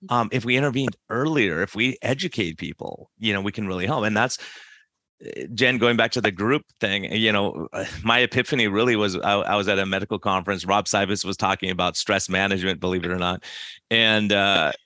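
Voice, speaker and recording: Low-voiced host, middle-aged, crisp and forceful tone, dry close sound. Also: male voice, fairly quick, no echo. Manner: storytelling, animated, many restarts. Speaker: podcast host, doctor. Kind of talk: casual interview chat.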